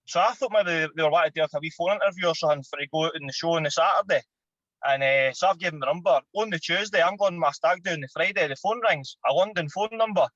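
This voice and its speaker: A Scottish man in his thirties, a former footballer and podcast guest, telling an animated, sweary anecdote. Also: on the high side, fast, dry recording, lo-fi sound. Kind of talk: casual storytelling.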